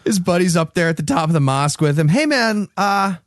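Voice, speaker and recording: A man's voice: a little high, fairly even intonation, quick pace, no room sound, clean studio sound. A man co-hosting a comedy podcast, riffing crudely and laughing through his jokes. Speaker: podcast co-host.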